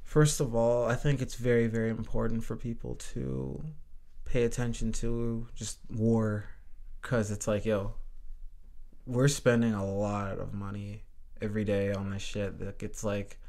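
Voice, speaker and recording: A man speaking as a podcast guest, talking in a loose, animated way, full of "like" and casual swearing. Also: fairly low pitch, unhurried. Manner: animated, heavy use of "like", swears freely. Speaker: guest, Air Force veteran.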